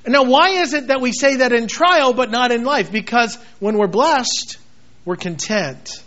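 High-voiced pastor preaching with dramatic swings. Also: male voice, expressive, unhurried. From United States. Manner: dramatic, shifts between shouting and quiet intensity. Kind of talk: sermon. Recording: dull lo-fi sound.

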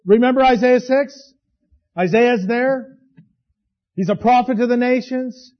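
A man preaching a sermon as pastor, swinging from hushed to loud. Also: very high voice, measured pace, lo-fi sound.

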